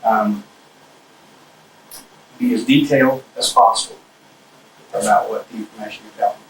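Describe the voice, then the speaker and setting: A man's voice: fairly low pitch, fairly even intonation, normal speed, fairly bright tone. A police detective leads an interrogation with procedural, directive questions. He is recorded from a distance in a reverberant room. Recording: echoey distant room mic with faint noise.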